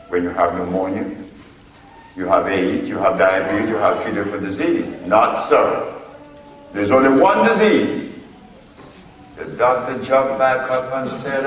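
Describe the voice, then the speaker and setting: A man giving a storytelling lecture to an audience, slow and deliberate as he recounts his exchanges in court. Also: medium pitch, slight background noise. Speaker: speaker addressing an audience. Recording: echoey hall, voice from far off.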